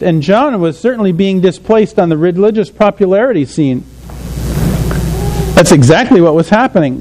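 A man's voice: sits high, a little mellow, low-quality recording. A man preaching a sermon in a conversational way, often asking his listeners questions.

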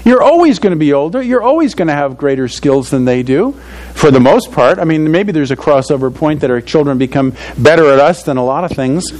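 Earnest older male preacher, fairly high voice. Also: expressive, brisk, a little mellow, poor audio. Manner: conversational, earnest, frequent "you know". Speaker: pastor. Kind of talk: sermon.

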